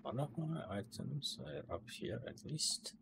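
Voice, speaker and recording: A man's voice: medium pitch, animated, measured pace, gravelly, very noisy. A man muttering casual commentary while playing a game, chuckling at his own mishaps. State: has the hiccups. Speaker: gameplay streamer.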